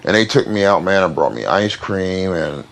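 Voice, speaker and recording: Deep-voiced man telling a hard story. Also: lively intonation, vocal fry, a bit bright. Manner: plain-spoken, halting with fillers and repeats. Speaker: interview guest. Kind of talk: candid interview storytelling.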